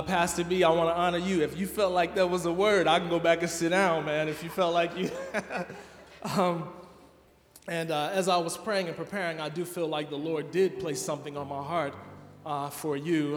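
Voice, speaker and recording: A man's voice: on the high side, fairly even intonation, normal speed. A man preaching a sermon as a guest preacher in a church, earnest and conversational, with frequent filler words. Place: church sanctuary. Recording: long reverb of a church hall.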